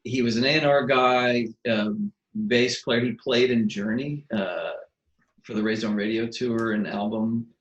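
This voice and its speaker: A man's voice: medium pitch, fairly even intonation, a little slow, lo-fi sound. A man, a musician and interview guest, tells stories animatedly, acts out quotes and often restarts his sentences. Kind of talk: casual interview storytelling. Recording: echoey room.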